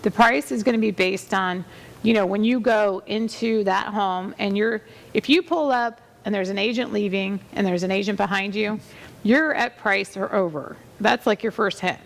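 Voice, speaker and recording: Speaking at a normal speed in a gravelly, medium-pitched voice, a woman realtor hosting a real estate show rambles through chatty stories. Her casual storytelling is packed with fillers and restarts.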